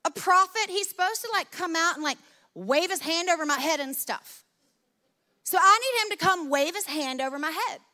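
A proud army commander brags and blusters in a high, bright voice, as a woman preacher acts him out. He sounds brash and a little whiny. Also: animated, moderate pace, full character voice. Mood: indignant.

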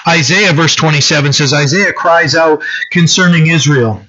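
A male pastor giving a conversational sermon, often checking in with "right?" and pausing on fillers. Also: on the high side, sharp tone. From French-descended local community. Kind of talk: sermon teaching. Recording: dull lo-fi sound.

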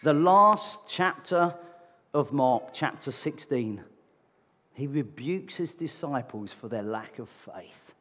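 Husky male preacher in a reverberant hall. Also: mid-range voice, a bit bright. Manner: conversational, asks the congregation rhetorical questions. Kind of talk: sermon. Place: church meeting hall. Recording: long reverb of a large hall.

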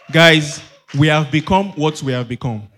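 A man's voice: fairly high pitch, a bit bright. A man preaching a sermon as pastor, emphatic, repeating phrases and asking the congregation rhetorical questions.

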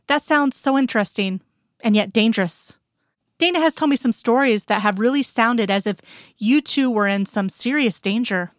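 A woman's voice: fairly high pitch, normal speed, no room sound, studio quality, lightly acted. A woman reading the lines of a friendly, chatty husband in a fan fiction story, in a light, slightly raised voice. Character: friendly middle-aged husband, chatty and easygoing.

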